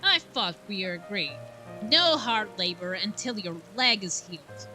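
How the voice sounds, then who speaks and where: A woman's voice: mid-range voice, sing-song, a little slow, rough recording. A woman voicing a stern, protective older sister, scolding and earnest, over game music.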